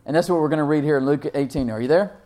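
A man preaching a sermon, reading scripture slowly and asking his listeners questions, with loud emphatic peaks and frequent laughs. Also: a little high. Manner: reads King James verses slowly and deliberately; asks the congregation questions and laughs often.

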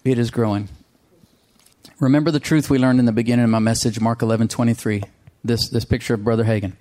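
This is a man delivering a sermon in an ordinary mid-pitched voice. He leans on repetition, says lines again and again, and keeps asking his listeners for an amen. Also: steady tone, fast talker, warm tone. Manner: emphatic, calls for amens, repeats phrases. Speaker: preacher.

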